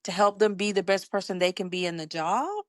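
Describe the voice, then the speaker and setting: A middle-aged woman from Georgia speaks, telling a story on a podcast. She has a medium voice and an expressive delivery. She acts out other people's lines as she goes. The sound is dry and close, with no room echo. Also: mid-range voice, fairly quick. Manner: animated, acts out quoted dialogue, laughs while telling. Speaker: podcast guest, IT executive. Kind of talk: conversational storytelling.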